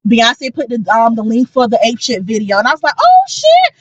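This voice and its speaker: A high-pitched woman chats on a podcast with excitable, profane energy, jumping into animated stories. The sound is close and dry, with no room in it. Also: brisk, no room sound, lo-fi sound. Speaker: podcast co-host. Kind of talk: casual chat.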